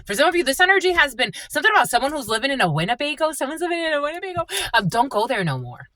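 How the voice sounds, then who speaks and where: A woman doing a live spiritual channeling reading, at times gushing and laughing, at times dropping into low, prayerful thanks. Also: very fast, no echo. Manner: animated, laughs often, shifts between gushing and low prayerful tones.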